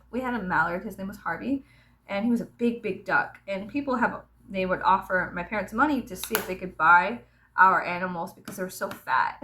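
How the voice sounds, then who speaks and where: Mid-range, creaky and a bit bright, this young woman's voice carries casual storytelling to camera. As a vlogger she rambles through childhood tales, cursing openly and laughing along the way.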